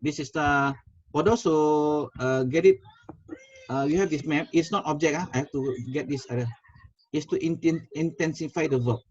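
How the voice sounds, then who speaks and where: Malaysian guy teaching on a video call, bit husky, slightly high voice, dull lo-fi sound, flips between malay and english. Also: normal speed, darkish tone. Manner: switches between Malay and English, repeats words, quizzes students. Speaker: Quranic Arabic teacher. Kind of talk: online class teaching.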